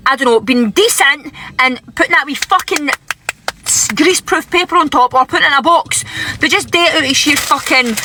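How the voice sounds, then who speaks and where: A woman's voice: sits high, noisy background. A woman ranting angrily into her camera, swearing heavily and often checking in with "right?". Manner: exasperated, swearing, keeps asking "right?". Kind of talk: angry vlog rant.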